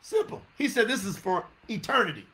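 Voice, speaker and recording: High-voiced man preaching with animated questions. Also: a little fast. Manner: animated, talks straight to listeners with questions; mixes in casual slang. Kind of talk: sermon.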